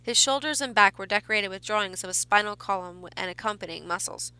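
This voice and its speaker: A woman narrating a horror story in a measured reading with small restarts. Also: medium pitch, pushed and bright, smooth, no room sound.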